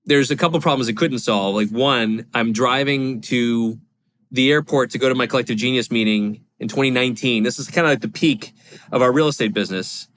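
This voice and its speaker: A man's voice: mid-range voice, fairly bright tone, no room sound. Guy in his 40s on a podcast, rambly and confessional, dry close sound. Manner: rambling, confessional, lots of fillers. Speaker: podcast guest, real estate investor. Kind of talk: candid storytelling interview.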